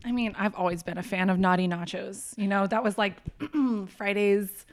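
A woman, a vegan chef guesting on a podcast, talking in a relaxed, matter-of-fact way. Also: medium pitch, moderate pace. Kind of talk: casual podcast conversation.

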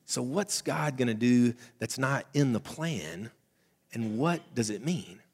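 Southern male pastor, conversational sermon, loud-to-hushed swings, reverberant hall. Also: medium pitch, lively intonation, slow pace, slightly rough.

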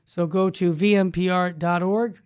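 A man, a Catholic evangelist, telling a story and then teaching in an animated, folksy way. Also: high-pitched, moderate pace, clear, resonant tone, no room sound, studio quality.

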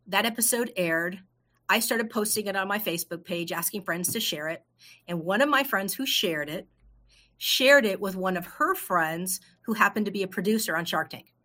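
A woman's voice: mid-range voice, pushed and bright. A middle-aged woman, a business owner, telling her story in a casual interview, acting out the voices of people she quotes. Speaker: entrepreneur guest.

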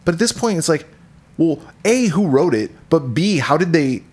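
A man's voice: on the high side, very animated, moderate pace, darkish tone, husky. A middle-aged man co-hosting a podcast, retelling a film's plot in casual, crude, joking chat. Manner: retells plot with crude humor and frequent laughs. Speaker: podcast co-host. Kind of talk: casual movie-recap chat.

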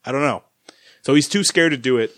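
A man in a casual movie podcast chat, recapping the plot in a relaxed storytelling way. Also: mid-range voice, a little fast, dry recording.

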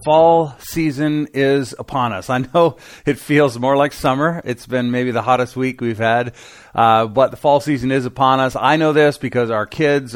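A man preaching a sermon as pastor, conversational, with frequent fillers, asking the congregation to respond. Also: mid-range voice.

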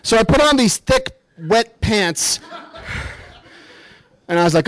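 A man with a fairly high voice tells a funny story about himself. He is animated and self-deprecating, and he sets up each punchline. The recording is close and dry, with no room sound. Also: measured pace, long pauses, no echo. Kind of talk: comic personal storytelling.

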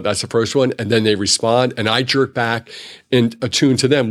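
A man's voice: mid-range voice, moderate pace. A man who works as a clinician, explaining his work in an interview and acting out examples with playful sounds. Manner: lively, acts out examples with vocal sounds. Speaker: clinician at a psychological services organization.

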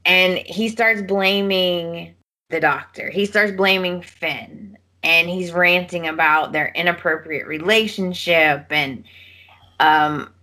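Female podcast co-host, slow and bright, retells scenes with quoted lines. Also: lowish voice. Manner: animated retelling, acting out characters' lines. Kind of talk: casual soap opera recap chat.

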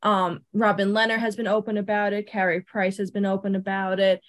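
A woman's voice: medium pitch, little pitch movement, a little fast. A woman fan and season ticket holder, talking earnestly in a casual chat, with frequent ums. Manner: earnest, eager, many ums.

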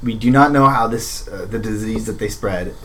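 A man's voice: lowish voice, moderate pace, pushed and bright, slight background noise, rough recording. A man playing a tabletop game, talking through his moves and giving earnest in-character orders. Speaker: player. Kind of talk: tabletop role-play.

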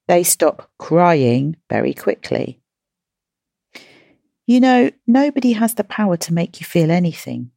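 Playful woman coaching children, lively voice. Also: mid-range voice, vocal fry, no room sound, studio quality. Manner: warm encouraging, playful, asks questions. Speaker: children's podcast host and coach. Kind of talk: upbeat podcast talk to children.

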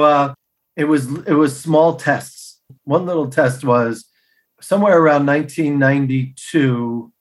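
A middle-aged man answers as a podcast guest, spinning his personal anecdotes with lively energy and acting out each line of dialogue. His voice sits a touch higher than most men's, and he keeps a relaxed, conversational storytelling flow.

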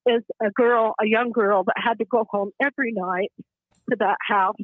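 A woman's voice: mid-range voice, dry recording. Impassioned older woman on a phone line. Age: 70s. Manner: halting, impassioned, angry outbursts. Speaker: caller. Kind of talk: emotional call-in testimony.

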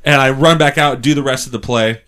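A man telling a funny story in a casual, animated, profane way, laughing often. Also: medium pitch, fairly quick, crowd noise.

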